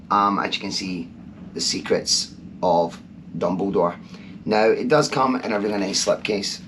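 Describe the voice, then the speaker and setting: A man's voice: lowish voice, a bit bright. A Scottish man chatting to camera in a casual vlog, enthusiastic and rambling with plenty of fillers. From Scotland. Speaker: vlogger. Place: out and about, then indoors in a cabin. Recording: noisy background.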